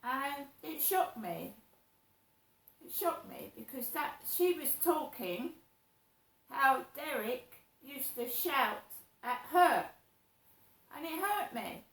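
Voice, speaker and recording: A middle-aged woman talks slowly and at length, circling back over the same grievances. Her voice sits fairly high and carries a roomy echo. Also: lively intonation, a bit bright. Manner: slow, repetitive, aggrieved storytelling. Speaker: vlogger. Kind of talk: personal monologue.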